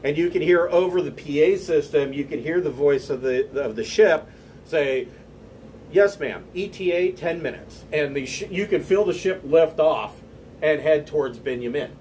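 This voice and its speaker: A man's voice: fairly high pitch, normal speed, a little mellow, far from the mic, a little hiss or hum, low-quality recording. A man narrating a tabletop game as game master, hesitant, with many fillers and restarts.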